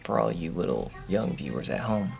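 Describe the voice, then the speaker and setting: A man's voice: low-pitched, sing-song, normal speed, creaky, darkish tone. A man chatting casually at home for his vlog, rambling and grumbling in an offhand way. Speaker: vlogger. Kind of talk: casual chat. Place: at home indoors.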